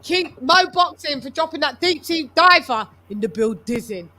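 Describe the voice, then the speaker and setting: A woman from England hosting a casual live-stream chat, with a London accent that slips into American and Jamaican twang, chatty and quick to laugh. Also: high-pitched, expressive, sharp tone, soft background music. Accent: London English mixed with American and Jamaican twang. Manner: chatty, laughs often, code-switching slang. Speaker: host.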